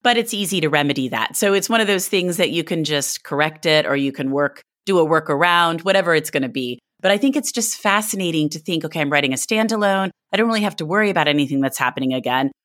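A woman's voice: low-pitched, lively intonation, quick pace, few pauses, fairly bright tone, no echo, studio quality. A woman hosting a book interview, talking enthusiastically and conversationally. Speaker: interviewer host. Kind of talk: casual interview chat.

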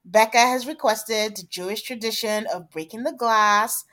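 This is a woman co-hosting a casual podcast, recapping a reality dating show. Her voice sits a little on the high side, and she tells the story in a chatty, animated way, jumping into quoted asides as she goes. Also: moderate pace. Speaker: podcast co-host.

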